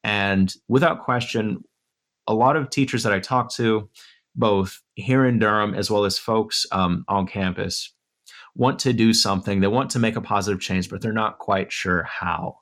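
A man's voice: lowish voice, normal speed, a bit bright. A man being interviewed as an author and educator, laying out his points in order in an earnest, thoughtful way. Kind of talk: conversational interview. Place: Durham area.

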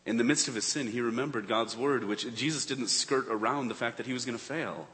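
A man preaching a sermon in a church, earnest, swinging between urgent emphasis and hushed tones. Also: medium pitch, fairly quick. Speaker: pastor. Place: church sanctuary. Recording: long reverb of a church hall.

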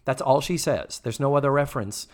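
A man co-hosting a podcast, recapping a TV episode with sarcastic, animated storytelling. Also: mid-range voice, brisk. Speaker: podcast co-host. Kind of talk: casual show recap.

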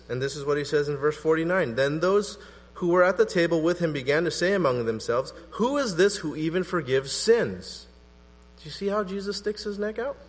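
A man preaching a sermon in an animated, conversational way, acting out quotes as he goes. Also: a little high. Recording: long hall reverb with mains hum.

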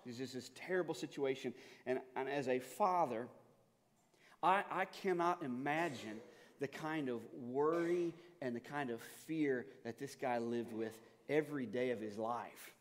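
A man preaching a sermon as a pastor, earnest and often stammering, moving between loud pleading passages and hushed, reflective ones. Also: mid-range voice, a little slow. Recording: long hall reverb.

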